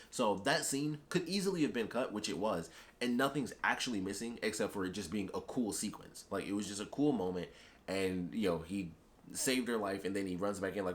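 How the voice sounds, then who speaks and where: A man giving a casual, rambling spoken film review, enthusiastic and full of fillers. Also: lowish voice. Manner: rambling and enthusiastic, heavy on "like" and "you know". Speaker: YouTube movie reviewer.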